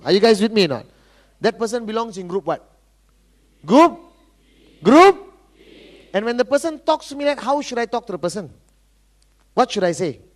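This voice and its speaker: A man with a high-pitched voice works up a seminar crowd. He drives his points home with repeated questions to the room and a rousing, animated delivery. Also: moderate pace, pauses often. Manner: rousing, repeatedly quizzing the audience. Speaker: motivational speaker. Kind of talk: sales seminar talk.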